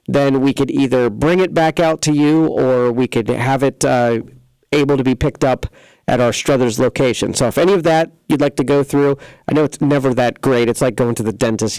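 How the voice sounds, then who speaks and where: A man talks in a relaxed, rambling way, pitching his repair shop and drifting into everyday stories. His voice is smooth and clear at a middle pitch. The studio sound is dry and close. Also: no echo, rough recording. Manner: rambling, filler-heavy, folksy sales talk. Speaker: computer repair shop host. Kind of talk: casual local radio-style talk show.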